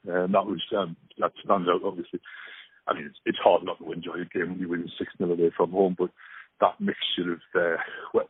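A man's voice: low-pitched, flat delivery, brisk, husky, no echo. A man with a Geordie accent from Newcastle, a football fan chatting wryly as a guest in a phone interview. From Newcastle, England. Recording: tinny phone line.

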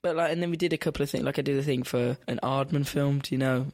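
A man's voice: medium pitch, steady tone, fast talker, a little mellow, no echo, studio quality. A young man, a musician guest in an interview, talking in a rambling, filler-heavy way with frequent laughs. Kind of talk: casual interview.

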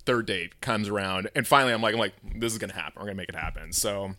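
A man's voice: fairly low pitch, fast, sharp tone, no echo. A man who does comedy, telling a story in a casual podcast chat and laughing often as he goes.

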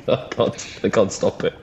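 A man's voice: slow, highs cut off, a little hiss or hum. A young man co-hosting a podcast, giggly and rambling, laughing often in casual chat. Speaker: podcast co-host.

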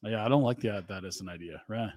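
A man's voice: fairly low pitch, quick pace, darkish tone, no echo. A man in his forties hosting a sports radio show in a studio, joking and teasing in casual banter.

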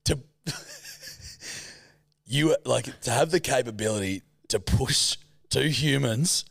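A man's voice: mid-range voice, slow, gravelly, fairly bright tone, dry recording, studio quality. A young man co-hosting a casual podcast, joking and swearing freely in crude banter. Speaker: podcast co-host. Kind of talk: casual chat.

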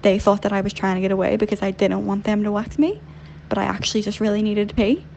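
A young woman with a softened Northern Irish accent leaving a chatty, giggly voicemail story for a podcast. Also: medium pitch, steady tone, quick pace, creaky, dull audio, a little hiss or hum. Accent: Northern Irish, softened by London. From Northern Ireland. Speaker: caller.

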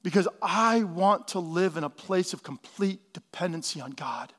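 A man's voice: high voice, lively intonation, moderate pace, a bit bright. A male pastor giving a sermon in a casual, conversational way, with slangy asides.

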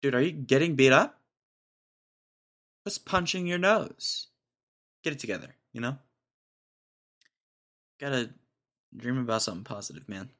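A man's voice: mid-range voice, expressive, fairly quick, long pauses, fairly bright tone. A young man in his twenties hosting a podcast, telling a rambling, jokey story in casual slang. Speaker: podcast host.

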